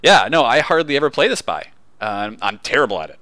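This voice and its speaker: A man's voice: medium pitch, big pitch swings, fairly quick, bright, forceful tone, no room sound. A man co-hosting a podcast in casual chat, chatty and prone to asides. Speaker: podcast co-host.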